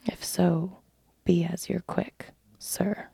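Woman whispering a gruff wary coach guard. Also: on the low side, little pitch movement, slow, dark tone, heavily acted. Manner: growling, suspicious, rustic dialect. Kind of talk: whispered role-play.

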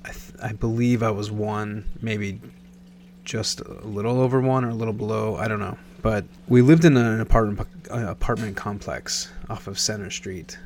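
Gravelly low-voiced man telling a story. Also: steady tone, moderate pace, darkish tone, slight background noise. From Nebraska, USA. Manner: rambling, self-correcting, many restarts. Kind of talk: casual personal storytelling.

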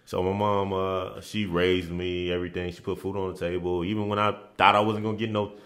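This very deep-voiced man, a former basketball player, swaps stories as a podcast interview guest, talking fairly quickly. His manner is easygoing, full of restarts and repeated phrases.

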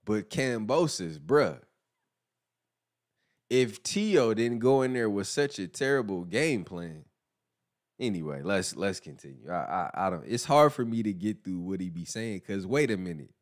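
A man hosting a casual boxing commentary podcast, animated and mocking, who laughs often. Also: fairly low pitch, measured pace. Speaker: podcast host.

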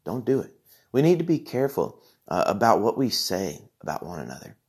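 A man's voice: fairly low pitch, sing-song, a little fast, darkish tone, slightly rough. A man preaching a sermon, explaining scripture earnestly and posing questions to his listeners before answering them.

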